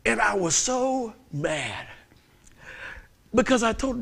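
A middle-aged man preaching a sermon, telling stories with animated swings between loud laughter and quiet earnest points. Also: high voice, measured pace, gravelly. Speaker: pastor.

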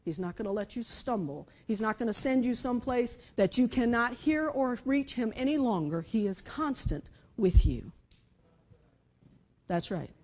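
A woman preaching a conversational sermon, moving between lively emphasis and hushed, quiet passages. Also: fairly high pitch, normal speed. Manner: conversational, with dramatic shifts between loud and hushed speech. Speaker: speaker giving a devotional message.

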